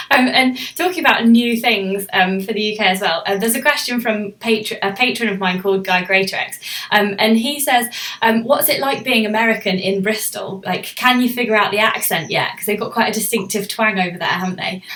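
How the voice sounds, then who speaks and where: A woman hosting a casual interview, chatty and quick to laugh. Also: mid-range voice, fairly bright tone, reverberant, recorded from a distance. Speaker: host.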